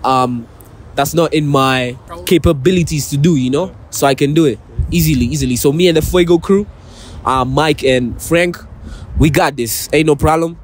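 A man's voice: fairly high pitch, moderate pace, slight background noise, lightly acted. A young man putting on an American country accent, playing a brash, boastful guy full of slang. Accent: put-on American country.

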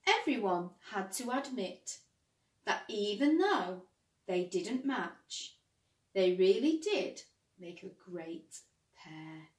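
A woman teacher reading a picture book aloud to children, gentle and expressive. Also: medium pitch, takes it slowly. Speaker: primary school teacher. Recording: roomy, distant mic.

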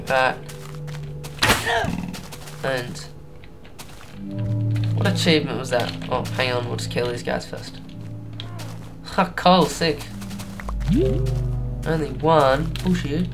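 A man's voice: mid-range voice, over loud music. A young man giving casual, rambling commentary while playing a video game. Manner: rambling, unhurried, thinking aloud. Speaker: let's play gamer.

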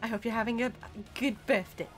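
A woman's voice: fairly high pitch, fairly even intonation, fairly quick, soft background music. A woman streaming a video game, chatting casually with her viewers and giggling often. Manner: giggly and chatty, reacting to chat. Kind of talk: casual livestream chat while playing.

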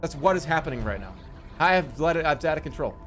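A man casually commentating his own game live, excitable and joking, swearing freely. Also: a little high, quick pace, soft background music. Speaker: streamer playing a strategy game.

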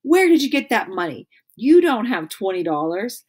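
A woman's voice: on the low side, takes it slowly. Bossy older girl, scolding, tattling, storybook read-aloud, a woman putting her on.

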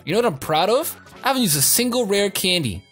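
A young man giving casual, profane commentary over his gameplay, joking, rambling and reacting loudly to what happens on screen. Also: high-pitched, sing-song, quick pace, slightly rough. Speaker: let's play gamer. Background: faint game music.

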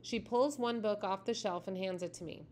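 A woman teacher reading a novel aloud in a steady, plain storytelling manner. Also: medium pitch, normal speed, a little hiss or hum.

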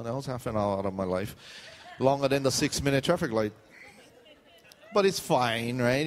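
A man's voice: medium pitch, very animated, fairly quick, big-room sound. A middle-aged male pastor preaching a sermon, telling stories and acting out the voices of the people in them. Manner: storytelling with quoted voices and pidgin asides.

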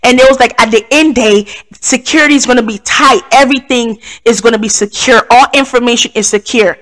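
A woman's voice: a little high, fairly quick, a bit bright. Earnest woman telling a testimony. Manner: earnest, repetitive retelling of a dream. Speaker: guest sharing a testimony. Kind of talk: personal testimony, storytelling.

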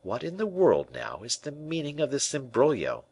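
A man voicing a shrewd, suspicious male musketeer with a lively, exclaiming manner. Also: mid-range voice, normal speed, husky, no echo, voice pushed up, full character voice.

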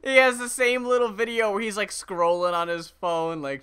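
A man co-hosting a casual chat, recalling things in a relaxed way and swearing now and then. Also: high-pitched, normal speed, hardly any pauses, smooth. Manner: relaxed, conversational recollection with swearing.

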